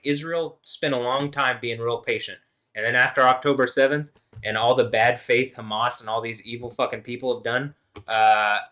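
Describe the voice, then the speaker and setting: A man talking through a loose, rambling vlog, swearing as he goes. His voice is of middle pitch, and he drops into low mumbles before rising into louder, excited bursts. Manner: rambling, profane, swings between mumbling and loud laughing. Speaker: vlogger. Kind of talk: rambling monologue.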